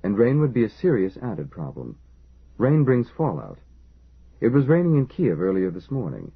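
Male reader as a measured medical official, husky and lively. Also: medium pitch, pitched above the performer's own voice, heavily acted. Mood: sober. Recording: lo-fi phone-like audio.

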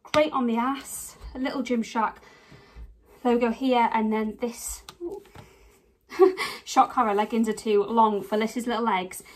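A woman's voice: a little high, fairly even intonation, measured pace. Breathless, chatty young woman vlogger. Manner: chatty, giggly, lots of fillers. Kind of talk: casual try-on haul chat.

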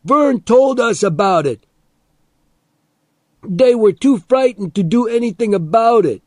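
A man voicing a reckless boy in an audiobook who shouts taunts and mockingly imitates others. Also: very high voice, measured pace, dry recording, voice pushed up. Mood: jeering mimicry. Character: wild, reckless boy spoiling for a fight.

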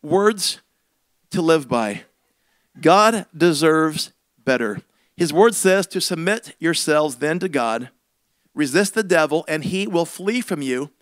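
Animated high-voiced man preaching. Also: slow, no echo. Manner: animated, comic storytelling with big swings between loud and hushed. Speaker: senior pastor. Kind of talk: storytelling sermon.

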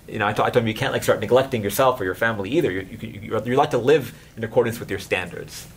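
A man's voice: fairly low pitch, rapid-fire, a little hiss or hum. A man in his thirties giving an informal sermon, telling stories in a conversational way with many fillers and quoted dialogue. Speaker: religious scholar and chaplain.

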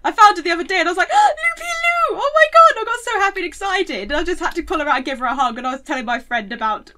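A woman's voice: high-pitched, racing, sharp tone. A young woman giving chatty, giggly gaming commentary, rambling and talking to herself as she plays. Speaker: gaming channel host.

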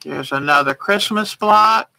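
A woman's voice: medium pitch, expressive, a little slow, gravelly, bright, forceful tone, no echo, poor audio. A woman hosting a casual quilting livestream, chatty and gushing with praise as she shows viewers' work by name. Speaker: quilting show host. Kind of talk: casual livestream show-and-tell.

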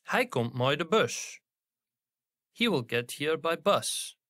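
Slow, lively-toned male language teacher. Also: fairly high pitch, no room sound, studio quality. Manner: slow, careful pronunciation examples with lively intonation. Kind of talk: scripted lesson narration.

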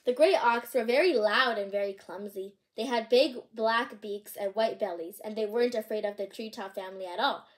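A woman's voice: fairly high pitch, moderate pace, few pauses. A woman reading picture books aloud as a channel host, chatty and bubbly, with asides between lines and the odd stumble over names.

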